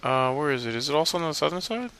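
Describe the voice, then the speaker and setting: A man's voice: fairly high pitch, very animated, rapid-fire, fairly bright tone, a little hiss or hum. A young man hosting a let's play, giving casual, rambling gameplay commentary in a joking, self-mocking way.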